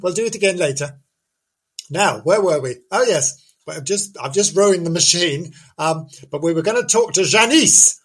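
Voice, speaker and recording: A man's voice: sits high, moderate pace, a bit bright, slightly rough. A man hosting, telling a folk tale as a comic monologue, full of rambling self-interruptions and silly asides. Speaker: host.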